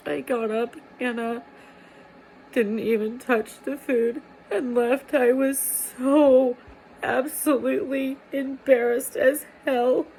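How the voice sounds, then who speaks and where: High-voiced woman, slow halting vlog. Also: steady tone, vocal fry, warm tone, a little hiss or hum, low-quality recording. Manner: halting, repeats words while telling a painful story. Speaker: vlogger. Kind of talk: confessional personal vlog.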